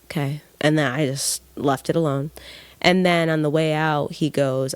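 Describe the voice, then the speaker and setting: A woman's voice: deep voice, normal speed, smooth, dry recording. Blunt, swearing young woman, dry sound. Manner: blunt, heated, swears freely. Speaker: podcast host. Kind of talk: casual monologue.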